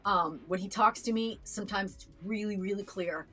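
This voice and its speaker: A young woman talks through a personal story in an earnest, meandering way, restarting her sentences and leaning on fillers. Her voice sits at an ordinary middle pitch. Faint music plays behind her. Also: moderate pace, fairly bright tone, slightly rough. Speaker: reaction channel co-host. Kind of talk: casual chat.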